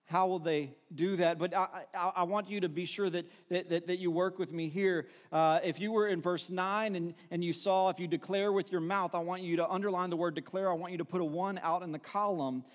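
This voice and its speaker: Guy preaching, high voice, lots of restarts, big hall echo. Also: fairly even intonation, brisk, few pauses. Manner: earnest, repetitive, many restarts, swings between soft and rising emphasis. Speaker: pastor. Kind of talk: sermon.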